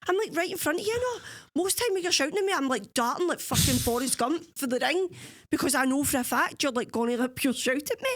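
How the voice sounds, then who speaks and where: A Scottish woman co-hosting a podcast, telling stories in casual chat, animated and swearing freely. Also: high voice, quick pace. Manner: animated storytelling, swears freely, imitates others. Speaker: podcast co-host.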